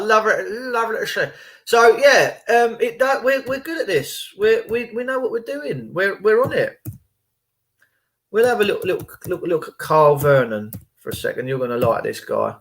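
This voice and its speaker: On his own channel, a man chats casually and rambles, reacting to videos and retelling stories, including phone calls in reported speech. His voice sits high and is expressive, fairly bright, and fried, at a normal speed.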